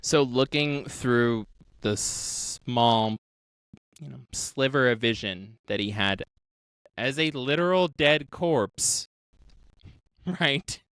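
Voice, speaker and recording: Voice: mid-range voice, slow pace, long pauses, fairly bright tone, smooth, dry recording. A podcast host retelling a story in casual chat, laughing often, swearing freely and acting out the quoted voices.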